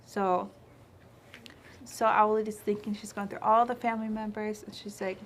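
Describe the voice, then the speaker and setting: Brief: woman storyteller, middle pitch, casual asides, traditional tale in a library. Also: normal speed, slight background noise. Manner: relaxed, chatty telling with asides.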